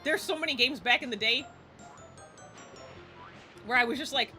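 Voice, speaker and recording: A woman's voice: sits high, expressive, slow pace, pauses often, bright, forceful tone, soft background music. A woman around forty giving casual live gameplay commentary as a streamer, exasperated and swearing freely.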